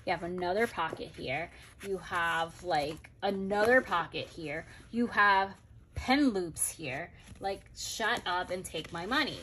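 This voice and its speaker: A woman's voice: fairly low pitch, measured pace, a bit bright, a little hiss or hum. A woman chatting casually and gushing over planners as she shows them off, thinking aloud as she goes. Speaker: planner vlogger. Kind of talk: casual product haul chat.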